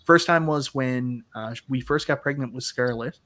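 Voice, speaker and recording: A man's voice: mid-range voice, normal speed, fairly bright tone. A man in his thirties hosting a casual panel chat over a video call, a jokey storyteller who laughs a lot. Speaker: host of an arcade talk show.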